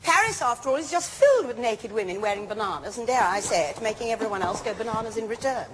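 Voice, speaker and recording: An actress playing a plucky, upper-class elderly widow who owns a theatre, speaking in a grand, coaxing and playful way, heard in a film clip. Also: female voice, fairly high pitch, animated, fast, noisy background, close to an everyday voice.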